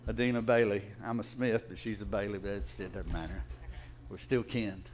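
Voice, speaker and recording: A man, a pastor making relaxed, folksy remarks during a church service. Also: on the low side, brisk. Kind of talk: casual church announcements. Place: church sanctuary.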